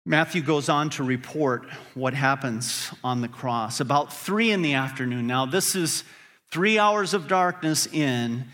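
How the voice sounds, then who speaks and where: A man's voice: a little high, a little slow, a bit bright. A man preaching a sermon as pastor, earnest and building to emphatic peaks.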